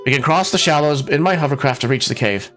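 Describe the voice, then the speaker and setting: A man's voice: a little high, fast, fairly bright tone, soft background music, lightly acted. A man voicing a timid young prince in a game read-through, plaintive in tone.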